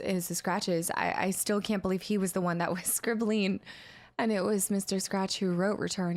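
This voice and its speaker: A woman playing a video game and thinking aloud about its story in casual let's play commentary. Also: fairly low pitch. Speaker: gamer streaming a playthrough.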